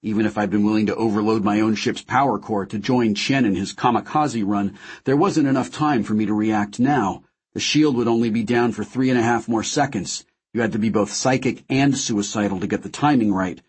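Husky male audiobook narrator. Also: lowish voice, a little fast, a little mellow. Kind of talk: scripted first-person narration.

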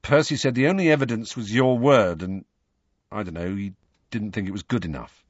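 A man's voice: fairly low pitch, fairly quick, no room sound, lo-fi sound, close to an everyday voice. A man voicing an agitated teenage boy in an audiobook reading, rambling and trailing off. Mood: upset. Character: upset teenage boy, quick-talking.

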